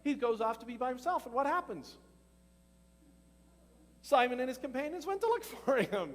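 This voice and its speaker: Male pastor, high voice, animated conversational sermon, long church-hall reverb. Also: moderate pace. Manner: animated, conversational preaching with laughs and questions to the congregation.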